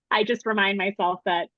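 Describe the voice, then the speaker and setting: A woman's voice: mid-range voice, sharp tone, dry recording. A young woman, a film school professor, talking candidly and animatedly in an interview, with casual swearing. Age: young adult. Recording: dull, dry recording.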